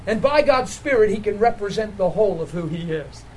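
A man preaching a sermon, telling a healing story with laughter and sudden excited jumps in his voice. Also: brisk, a little hiss or hum, poor audio. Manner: animated storytelling, laughing, voice jumping high when excited.

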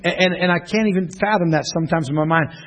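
A middle-aged man, a pastor teaching a class in a church room, telling stories in an animated way and often laughing. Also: high-pitched, quick pace. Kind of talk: preaching to a class. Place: church classroom, streamed online.

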